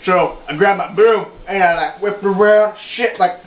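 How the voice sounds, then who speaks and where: A man's voice: high voice, fairly even intonation, normal speed, natural voice. A man doing a profane old redneck rambling. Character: foul-mouthed boastful old redneck man in his sixties. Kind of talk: comedic character monologue. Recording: roomy, dull lo-fi home video.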